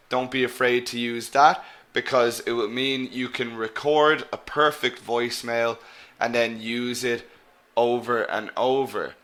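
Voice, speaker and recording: Male English teacher, bright clear tone, slow deliberate delivery for learners. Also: mid-range voice. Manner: slow, deliberate teaching with repeated example words. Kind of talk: online business English lesson.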